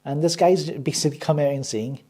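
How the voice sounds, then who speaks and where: A man's voice: fairly high pitch, a little fast, dark tone, slightly rough. A man hosting his own movie review channel, ranting with sarcasm and frequent swearing. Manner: sarcastic, swears a lot, exasperated.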